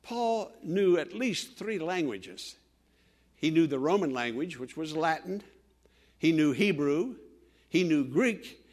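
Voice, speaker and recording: A male pastor preaching a radio sermon, telling personal stories in an earnest way, rising to loud exhortation and dropping to hushed tones. He grew up in Western Pennsylvania. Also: on the high side, expressive, takes it slowly.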